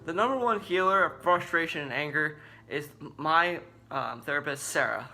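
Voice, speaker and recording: A young man talking casually to camera as a vlogger, halting with many fillers and restarts. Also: on the high side, pushed and bright. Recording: guitar music in background.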